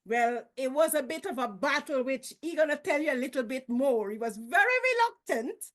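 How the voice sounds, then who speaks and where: A woman with a Guyanese accent telling childhood stories in a lively, folksy way. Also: sits high, a little fast. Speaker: storyteller. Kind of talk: casual storytelling.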